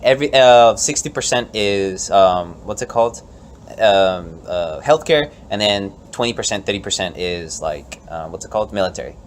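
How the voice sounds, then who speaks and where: A man hosting a casual podcast debate, animated and hesitant, often swearing and restarting. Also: fairly low pitch, moderate pace, a little hiss or hum. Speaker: podcast host.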